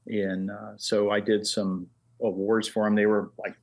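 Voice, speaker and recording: Casting: middle-aged man, husky lowish voice, rambling anecdotal guest. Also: measured pace. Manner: relaxed anecdotes with many fillers. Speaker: guest, engraver. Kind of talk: casual chat, storytelling.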